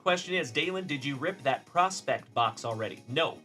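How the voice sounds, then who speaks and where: Greeting each viewer by name, the middle-aged South Texan keeps his card-breaking livestream friendly and talkative. His voice is on the high side, bright and pushed, with lively intonation at a normal speed, and faint music plays behind him.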